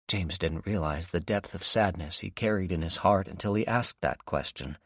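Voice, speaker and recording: A man narrating a zombie survival audiobook in a steady, measured way. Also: low-pitched, no room sound, studio quality. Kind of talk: scripted narration.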